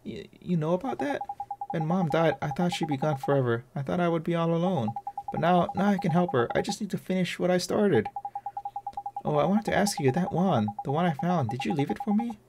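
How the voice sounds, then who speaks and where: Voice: mid-range voice, animated, a little fast, background noise, lightly acted. A player doing an earnest young boy hero. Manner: earnest, questioning.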